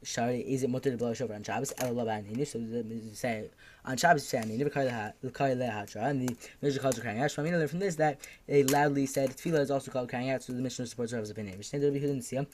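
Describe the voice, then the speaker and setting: A man's voice: medium pitch, quick pace, a little hiss or hum. A man teaching a daf yomi Talmud class, reading each Aramaic phrase and then translating it, with fillers and self-corrections.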